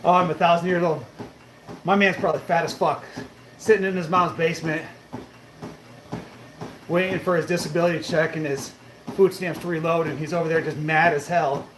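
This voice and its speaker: Answering his chat in a relaxed way, this fitness streamer swears openly and addresses viewers as bro and brother. His voice is a little high, with fairly even intonation, a moderate pace, and frequent pauses. Faint noise sits in the background of an echoey room.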